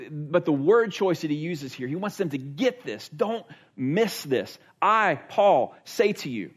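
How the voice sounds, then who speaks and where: A man preaching a Sunday sermon in a church, earnest and emphatic, repeating words for stress. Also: on the high side. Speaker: pastor. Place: church sanctuary.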